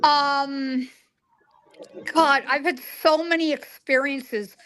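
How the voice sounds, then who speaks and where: Speaking slowly in a high voice, a psychic guest in her forties shares stories during a relaxed interview, animatedly performing the dialogue within them.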